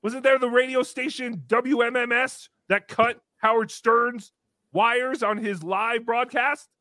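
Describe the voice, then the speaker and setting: High-voiced, congested male comedy host. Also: steady tone, a little slow, no room sound, clean studio sound. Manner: loud, playful, crude. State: congested from a cold. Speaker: podcast host. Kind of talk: comedic livestream chat.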